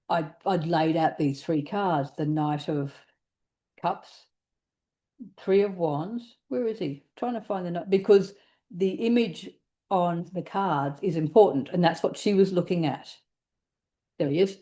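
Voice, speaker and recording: A woman co-hosting a tarot podcast, telling a story in a casual, animated way, laughing and acting out what people said. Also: fairly low pitch, slow, long pauses. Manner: animated, laughing, acts out quoted speech. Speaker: tarot reader and podcast co-host.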